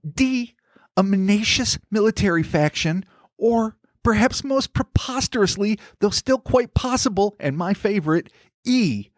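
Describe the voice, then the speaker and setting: A man narrates a scripted mystery tale in a raised, slightly high voice, with a wry, theatrical turn of phrase. He is close to the microphone, and the sound is dry and dead. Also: no echo. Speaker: podcast host.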